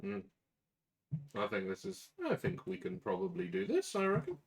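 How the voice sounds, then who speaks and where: A man's voice: sits high, huge pitch swings, moderate pace, creaky. A man chatting casually as a player in a tabletop game, laughing often.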